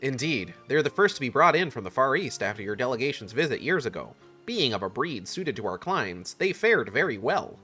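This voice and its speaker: A courtly, ceremonious game official, as a man puts him on. The formal, old-fashioned phrasing rises and falls in wide, lively swings. The tone is bright and forward, with faint music behind. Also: medium pitch, fast talker, hardly any pauses. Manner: stately, archaic phrasing. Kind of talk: reading game dialogue aloud.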